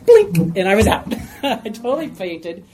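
A man's voice: sits high, wildly swooping pitch, unhurried, darkish tone, slight background noise. A man teaching a Bible study in a conversational way, asking his group questions and telling stories with a laugh.

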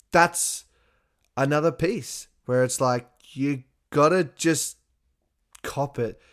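A young adult man talking in a casual monologue, swearing often and laughing as he speaks. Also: mid-range voice.

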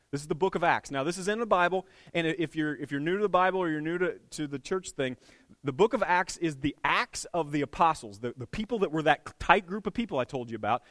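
Male pastor, casual storyteller in the pulpit, animated, slightly high voice, dry sound. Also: no room sound. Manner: conversational, animated retelling with chuckles and restarts. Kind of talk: storytelling sermon.

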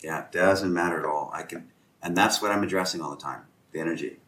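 Low-voiced man in an echoey room. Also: a little fast, a little hiss or hum. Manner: animated, acts out both sides of conversations. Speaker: author leading a round-table discussion. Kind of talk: casual round-table chat.

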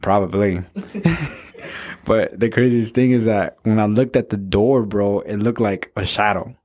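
A man's voice: fairly low pitch, a little slow, darkish tone. A young man casually telling a story to friends on a podcast, rambling and saying "bro" a lot. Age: young adult. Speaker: podcast co-host.

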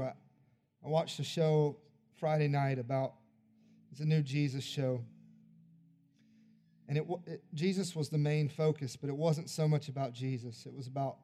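A man's voice: medium pitch, dark tone. A male pastor leading an altar call and praying aloud at a church service, earnest and pleading, rising to fervent prayer.

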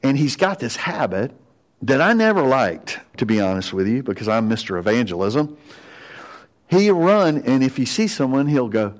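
A man preaching a sermon in a church sanctuary. His voice sits at an ordinary middle pitch, and he tells his stories emphatically. He rises to earnest exhortation as he addresses his congregation. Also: sing-song, moderate pace. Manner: storytelling, emphatic and rising to exhortation. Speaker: pastor.

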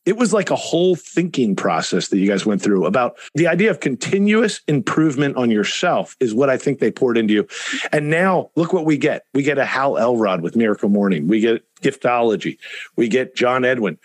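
A man's voice: medium pitch, big pitch swings, fairly quick, no room sound. A man hosting a podcast in enthusiastic, rambling casual chat. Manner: enthusiastic, talks in long rambling runs. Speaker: podcast host.

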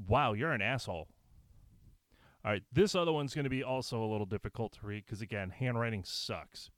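A man's voice: mid-range voice, a little fast, no room sound. A man vlogging, reading aloud and commenting in a blunt, profane, indignant way with sarcastic asides.

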